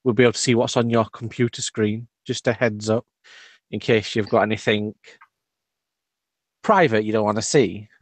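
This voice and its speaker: A man chatting as a guest on a video call, soft-spoken and explaining things patiently, with many fillers. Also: on the low side, fairly even intonation, normal speed, dry recording. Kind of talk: casual video-call chat.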